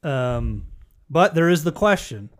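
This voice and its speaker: A man's voice: on the high side, expressive, slow pace. A man co-hosting a podcast, speaking casually with hesitant fillers. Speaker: podcast co-host. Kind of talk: casual chat.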